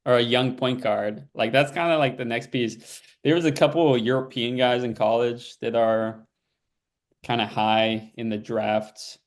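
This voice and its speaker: A relaxed young man in casual podcast chat, his voice sitting at an ordinary middle pitch. He meanders through thoughts with plenty of "like" and "um," loose and conversational. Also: measured pace. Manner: laid-back, rambling with fillers and restarts. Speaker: podcast co-host.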